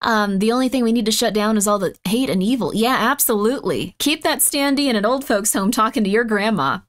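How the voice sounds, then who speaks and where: This is a woman with a high, light voice, chatting casually on a live stream. She reacts to her chat in an excitable, playfully indignant way. She swings from loud exclamations to mumbled asides. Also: a little fast. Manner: excitable, mock-outraged, swings between loud and muttered.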